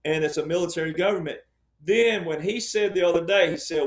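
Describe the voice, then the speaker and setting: A man's voice: on the high side, fairly quick, reverberant. A man speaking as a panel guest, explaining his point emphatically and repeating key ideas like a lecturer.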